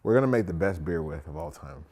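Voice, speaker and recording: A man's voice: rumbling low, lively intonation, quick pace, dark tone. A young man answering interview questions while drinking, rambling, profane and tipsy. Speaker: interview guest. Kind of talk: drunken casual interview.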